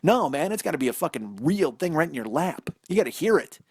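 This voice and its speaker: His voice a little high and breathy-edged, this man in his forties is very animated and a little fast as he hosts a solo comedy podcast from his house. He rambles, curses and mocks himself while a dog barks nearby. The sound is clean studio quality with no echo.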